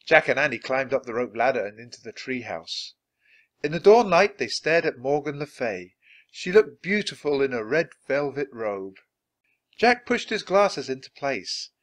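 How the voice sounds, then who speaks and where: Lively expressive man reading a storybook. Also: medium pitch, normal speed. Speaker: storybook reader. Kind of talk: children's book read-aloud.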